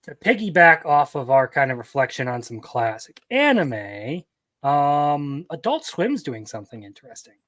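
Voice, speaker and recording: A young man co-hosting a casual podcast, speaking in a relaxed, easygoing way with frequent ums. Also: a little high, moderate pace, dry recording. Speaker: podcast co-host. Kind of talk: casual chat.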